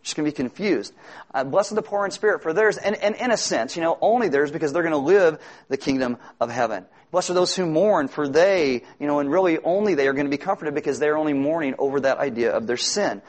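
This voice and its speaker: Male pastor, fairly high voice, casual sermon delivery with emphatic repeats. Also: fast talker. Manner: conversational, self-deprecating, emphatic repetitions.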